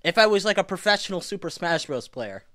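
A man on a podcast, talking in a fairly high voice that trips over itself with restarts, fillers and half-finished thoughts. He gets animated whenever he retells a story. The sound is dry and close, with no room behind it. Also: brisk, dry recording. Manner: rambling with many restarts and fillers. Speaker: podcast guest, YouTuber. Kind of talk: casual chat.

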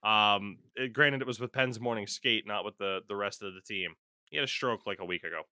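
A man's voice: lowish voice, a little fast, bright, forceful tone, clear, resonant tone, no room sound, studio quality. A man hosting a casual sports chat, reading out hockey news and swearing freely. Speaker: podcast host.

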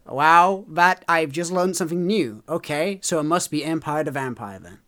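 Playful man, animated podcast co-host. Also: fairly high pitch. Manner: playful and animated, quick to mock protest. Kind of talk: casual chat.

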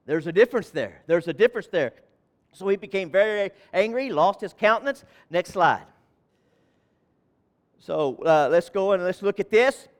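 A high-voiced man preaching as pastor in a church. He repeats words and phrases, swinging from loud, ringing calls down to near-murmurs, and breaks out in fervent exclamations. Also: expressive, moderate pace. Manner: moves around while preaching. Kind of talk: sermon.

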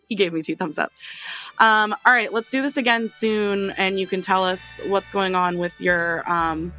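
A woman hosting a podcast, chatting casually and gushing, with quick asides. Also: medium pitch, sharp tone, soft background music. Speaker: podcast host. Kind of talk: casual chat.

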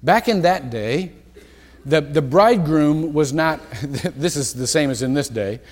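A male pastor delivers a sermon in a church sanctuary. His voice sits high and swings widely in pitch as he breaks into himself with side remarks and soft chuckles. A long church reverb trails each phrase. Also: lively intonation. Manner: rambling, self-interrupting, with quick asides and chuckles.

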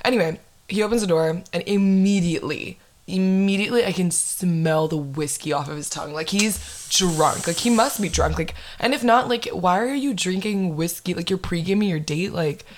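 A young woman in her twenties, a podcast host telling a dating story in casual chat, animated and full of "like". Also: lowish voice, normal speed. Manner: animated, heavy use of "like".

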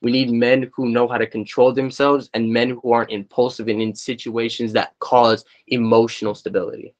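A man's voice: mid-range voice, flat delivery, moderate pace, dull audio. A young man on a casual podcast, speaking thoughtfully and giving advice. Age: young adult. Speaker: podcast guest.

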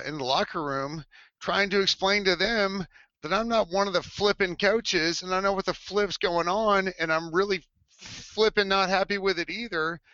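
A man's voice: sits high, dry recording, dull audio. A man around forty telling a story in casual chat, laughing often and acting out other people's lines in changing voices. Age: 40s. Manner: animated, laughing, acts out quotes in shifting voices. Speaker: former cheerleader telling a story. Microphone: headset mic.

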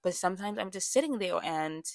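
A young woman hosting a podcast talks briskly in a gravelly, darkish voice that sits on the low side, with lively intonation and no echo. She's chatty and candid in a casual monologue, full of fillers and restarts.

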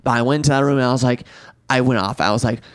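A man in his twenties, a podcast co-host, telling a story in a casual, animated way, swearing freely and acting out what people said. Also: medium pitch, racing, slight background noise. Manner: animated, swearing, acts out quotes.

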